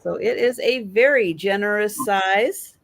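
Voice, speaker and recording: A woman's voice: medium pitch, a little slow, poor audio. A woman hosting a live online vintage sale, describing items and calling out bids. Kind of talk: live online sales auction.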